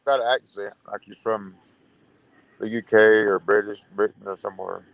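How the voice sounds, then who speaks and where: A man's voice: lowish voice, flat delivery, moderate pace, vocal fry, poor audio. A man chatting casually, hesitant and stammering, repeating words. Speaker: guest in chat. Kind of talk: casual chat.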